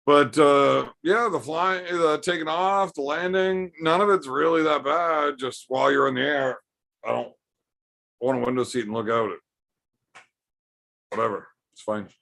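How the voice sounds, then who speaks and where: A man's voice: a little high, unhurried, creaky, fairly bright tone. A man hosting a casual livestream from home, bantering with chat in a joking, profane way. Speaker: livestream host.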